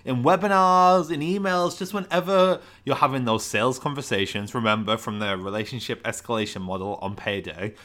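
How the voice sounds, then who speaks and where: A man co-hosting a business podcast in a playful, jokey way, explaining with mock sales pitches. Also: fairly quick, few pauses, a bit bright. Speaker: podcast co-host. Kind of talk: casual business podcast chat.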